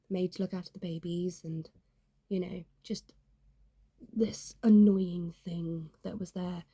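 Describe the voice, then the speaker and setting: A woman's voice: mid-range voice, mellow, no echo, studio quality. A young woman talking in a rambling, candid way, full of fillers, in a casual confessional vlog. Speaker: YouTuber.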